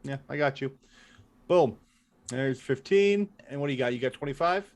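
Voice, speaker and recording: A man acting as game master, chatting casually and thinking aloud while fiddling with game software. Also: mid-range voice, animated, moderate pace. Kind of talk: running a tabletop game online.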